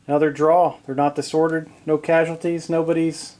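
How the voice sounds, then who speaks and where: A man narrating his own tabletop wargame in a casual play-by-play, excitable, joking and swearing at his dice rolls, recorded in a home basement. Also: on the high side, normal speed. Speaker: wargaming hobbyist narrating a battle report.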